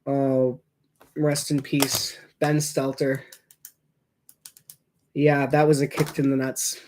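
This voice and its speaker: Man, hockey fan, casual watch-along commentary, rambling, reactive, lots of fillers, mid pitch. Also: completely flat delivery, takes it slowly, darkish tone, a little hiss or hum.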